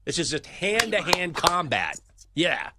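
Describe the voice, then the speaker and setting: A man's voice: on the high side, very animated, a little slow, background noise. A man hosting a sports betting talk show, swinging between hype and dry asides as he reads scores and odds.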